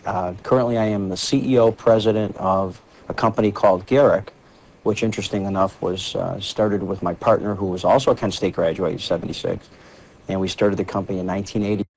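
A man company head introducing himself in a measured, matter-of-fact way. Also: low voice, fairly even intonation, gravelly, darkish tone, slight background noise, poor audio. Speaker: company CEO. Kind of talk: self-introduction.

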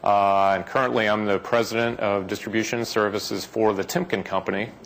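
A man in his sixties introducing himself haltingly, with fillers. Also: lowish voice, level tone, fairly bright tone, a little hiss or hum, low-quality recording. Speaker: company president. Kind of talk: formal self-introduction.

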